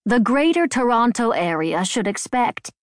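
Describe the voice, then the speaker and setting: A woman voicing a coarse, mischievous elderly mother in an audiobook, slightly higher than her own voice, in a dry studio. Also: very animated, normal speed, no echo. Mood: blunt. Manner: teasing, reads aloud from the television.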